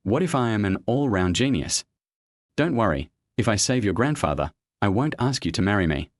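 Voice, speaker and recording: A man's voice: lowish voice, big pitch swings, moderate pace, no echo, studio quality. A man voicing a cocky young male martial artist who teases the people around him. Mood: teasing. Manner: smug, teasing.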